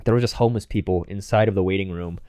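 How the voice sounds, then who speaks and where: A young man hurries through a rambling story on a podcast, his voice sitting low and close in a dry, dead room. He keeps acting out what people said to him between lots of fillers. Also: rapid-fire, mellow, no room sound. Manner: rambling, filler-heavy anecdote with acted quotes. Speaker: podcast co-host. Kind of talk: casual storytelling chat.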